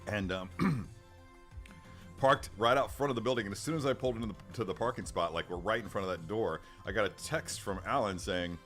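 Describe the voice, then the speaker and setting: A middle-aged man with a fairly low, slightly bright voice hosts a casual livestream at a brisk pace, rambling, restarting often, and chuckling as he reads the chat. He's on a studio microphone with faint music in the background.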